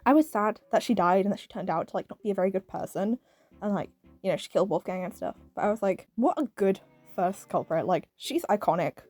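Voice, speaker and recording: A woman's voice: medium pitch, expressive, quick pace, darkish tone, no echo, faint music behind. A British woman giving a casual, rambling video review, full of "like" and "um" and frequent little laughs. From Britain. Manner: rambling, peppered with "like" and "um", laughs often.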